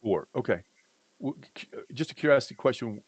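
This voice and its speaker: A man's voice: mid-range voice, lively intonation, brisk, husky, no room sound. A man on a livestream, chatting casually and joking, rambling and cutting himself off as he goes. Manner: joking, rambling, self-interrupting. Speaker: livestream co-host. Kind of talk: casual trading chat.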